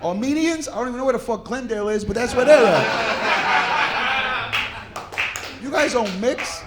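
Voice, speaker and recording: A man doing profane, animated stand-up crowd work on a club stage. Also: extremely high pitch, measured pace, very noisy. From New York. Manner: brash, profane, animated banter with audience. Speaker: stand-up comedian.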